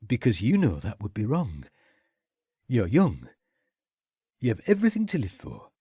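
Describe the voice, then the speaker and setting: A man voicing a steady, reassuring middle-aged countryman in an audiobook. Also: mid-range voice, normal speed, breathy edge, no echo, clean studio sound, exaggerated voice. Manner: calm and reassuring.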